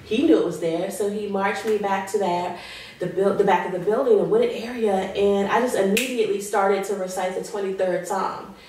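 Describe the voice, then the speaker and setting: A woman's voice: mid-range voice, steady tone, darkish tone. Earnest woman telling her story in an echoey room. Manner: earnest, slows down on heavy moments, acts out quoted pleas. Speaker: guest sharing her survival story. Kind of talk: emotional personal testimony. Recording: very echoey room, voice far from mic.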